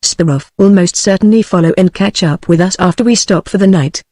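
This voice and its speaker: Stern calm jungle man, read by a British synthetic woman, storybook, dry sound. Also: on the low side, brisk, no echo, close to an everyday voice. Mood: firm. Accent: British English. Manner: plain synthetic reading.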